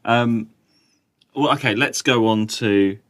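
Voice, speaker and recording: A man's voice: medium pitch, takes it slowly, fairly bright tone. A man co-hosting a podcast, chatting casually and laughing often. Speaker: podcast co-host. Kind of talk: casual chat.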